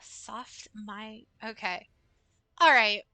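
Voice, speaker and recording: In casual livestream banter over a game, a young adult woman talks to her viewers in a chatty, meandering way full of fillers. Her mid-pitched voice stays fairly even and moves very slowly, sounding pushed and bright, with no room sound.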